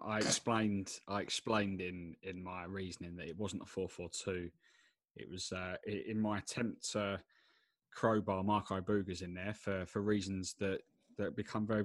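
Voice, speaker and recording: A man's voice: sits low, little pitch movement, normal speed, dry recording. A man from England co-hosting a football podcast, chatting casually and hesitantly, often repeating his words. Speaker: podcast co-host. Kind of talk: casual chat.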